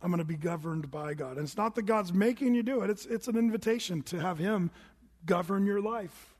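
In a church sanctuary, a middle-aged male pastor with a notably high, slightly rough voice preaches a sermon, speaking fairly quickly. He tells his story with animated energy that sometimes rises to shouting, and the hall gives his voice a long reverb tail.

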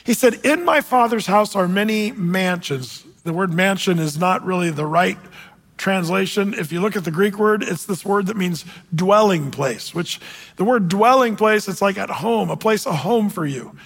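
A man preaching a sermon as a pastor, telling stories in a conversational way and slowing down to stress key phrases. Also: sits high, vocal fry, fairly bright tone, slightly rough, in a large hall. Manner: conversational, storytelling, emphatic with slow stressed phrases.

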